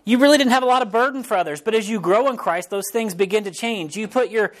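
A man preaching a sermon as pastor, in a casual, animated way, often restarting phrases and briefly acting out quotes. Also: high-pitched, fast. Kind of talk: conversational sermon.

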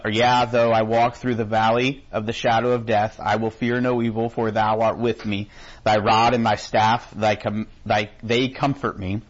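A man at a middle pitch leads a casual Bible class in a church classroom. He reads verses slowly and carefully, then chats easily with the students. The recording sounds dull and low-fidelity. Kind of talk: informal Bible study lesson.

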